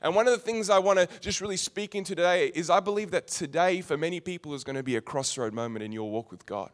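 A man's voice: fairly high pitch, quick pace. A young man preaching a sermon, telling stories with humorous asides. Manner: storytelling, animated, with humorous asides.

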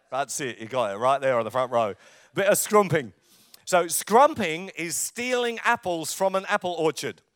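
English-raised older pastor, storytelling sermon, clear smooth voice, dry close sound. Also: male voice, fairly high pitch, fairly bright tone, no room sound. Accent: English, lives in Australia. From England. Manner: humorous storytelling, jokes with audience. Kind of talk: sermon with personal anecdotes.

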